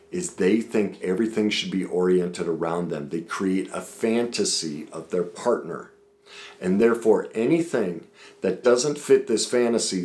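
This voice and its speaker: Emphatic low-voiced man in echoey room. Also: a little mellow. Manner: emphatic, repetitive lists. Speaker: relationship coach. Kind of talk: direct-to-camera advice talk.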